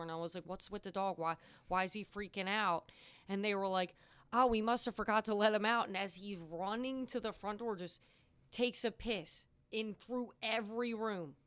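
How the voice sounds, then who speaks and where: Lively swearing young woman storyteller. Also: on the low side, smooth, dry recording. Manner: animated storyteller, swears freely, acts out quotes. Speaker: podcast co-host. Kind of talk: casual chat.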